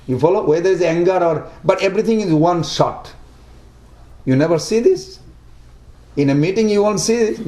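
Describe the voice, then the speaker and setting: A man giving a devotional talk to a small group in simple, broken English, often asking lively rhetorical questions. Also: fairly high pitch, echoey room. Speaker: devotional speaker.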